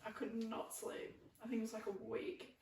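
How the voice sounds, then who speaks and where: A young woman co-hosting a casual podcast, talking in quick chatty bursts. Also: on the high side, level tone, gravelly, darkish tone, a little hiss or hum. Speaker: podcast co-host. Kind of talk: casual chat. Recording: echoey room, far from mic.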